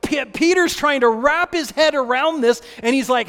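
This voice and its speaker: A man preaching a sermon, swinging between hushed, quiet passages and loud, excited ones. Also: extremely high pitch, moderate pace. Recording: long hall reverb.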